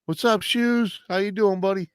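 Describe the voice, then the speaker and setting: A man's voice: high-pitched, steady tone, normal speed, fairly bright tone, smooth, no room sound, studio quality. A man hosting a casual late-night live chat, laid-back and drawling, greeting viewers by name while coming down with a cold. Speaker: live stream host.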